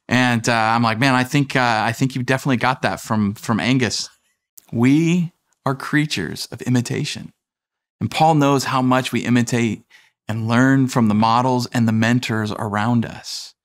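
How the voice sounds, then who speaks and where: A man's voice: mid-range voice, fairly bright tone. Conversational man preaching a sermon. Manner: conversational, with fillers and asides. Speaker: pastor.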